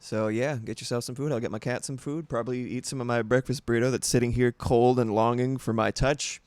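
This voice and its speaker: A man's voice: mid-range voice, fairly even intonation, brisk, darkish tone, no echo. A man in his thirties chatting casually on a livestream, rambling and self-deprecating, with some swearing. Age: 30s.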